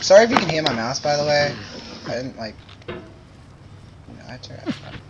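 A man's voice: fairly high pitch, sing-song, normal speed. A man giving gameplay commentary, exclaiming and pleading with the game in exasperation. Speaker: gamer. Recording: dull lo-fi mic with loud noise and clicks.

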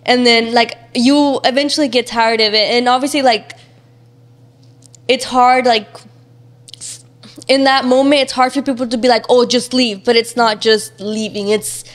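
Candid young woman with a high voice. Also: fairly even intonation, normal speed. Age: young adult. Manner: casual and open, many fillers, near tears at times. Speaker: guest. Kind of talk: candid interview conversation.

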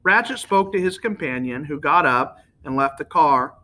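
A man's voice: a little high, expressive, moderate pace, bright, forceful tone. A man reading a novel aloud as an amateur audiobook narrator, with small slips that he corrects as he goes. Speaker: audiobook reader.

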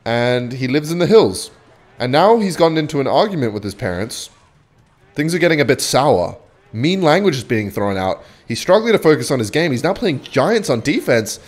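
A man giving joking, excitable play-by-play commentary on his own game, like a mock sportscaster teasing his opponent. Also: mid-range voice, normal speed. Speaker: gaming video creator.

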